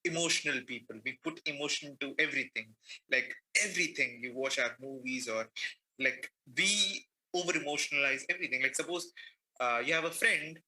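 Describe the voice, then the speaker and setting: A man's voice: fairly high pitch, fairly quick, rough recording. A man from India on a comedy podcast panel, talking casually and expressively. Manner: expressive, laughs often. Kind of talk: casual chat.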